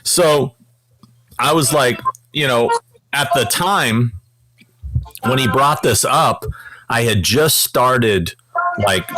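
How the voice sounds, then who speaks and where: A man as an interview guest, telling casual anecdotes in an animated way and swearing freely. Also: mid-range voice, slow pace, long pauses, slight background noise, rough recording. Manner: animated, profane anecdote-teller. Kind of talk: casual storytelling in conversation.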